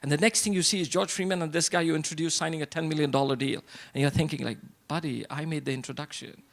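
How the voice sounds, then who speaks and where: Gravelly man giving an event speech. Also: on the high side, fairly even intonation, very fast, fairly bright tone. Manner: rhetorical questions, repeated punchlines, addresses audience directly. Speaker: event speaker. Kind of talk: motivational speech to a live audience. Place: event hall before an audience.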